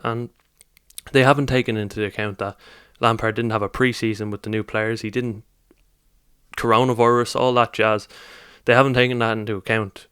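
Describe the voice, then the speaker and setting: A man's voice: mid-range voice, a bit bright, smooth, no room sound, studio quality. A man, running a football channel, reacting in an upset, rambling and heartfelt vlog. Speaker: football vlogger.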